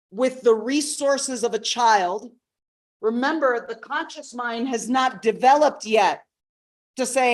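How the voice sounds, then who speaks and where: A woman coach teaching a live masterclass to an audience, talking expressively, acting out quotes and slowing down on key words. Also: fairly high pitch. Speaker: personal development coach.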